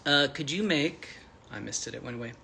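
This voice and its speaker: A man talks casually to his viewers on a livestream, friendly and rambling, full of fillers and restarts. His voice sounds bright. A faint room hum sits under the webcam-style recording. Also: mid-range voice, lively intonation, a little fast, creaky. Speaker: livestream host answering chat.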